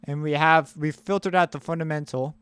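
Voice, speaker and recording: Chatty man explaining with a smooth, dry voice. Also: a little high, steady tone, a little fast, a bit bright, no room sound. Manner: loose and chatty, thinks aloud, frequent "uh" and "so". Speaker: music production teacher. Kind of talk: casual screen-share tutorial.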